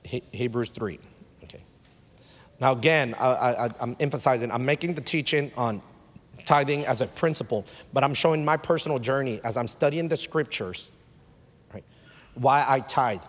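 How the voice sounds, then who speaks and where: A man's voice: medium pitch, normal speed, pauses often. A male pastor gives a conversational sermon that rises into emphatic bursts. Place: church sanctuary. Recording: live church hall reverb.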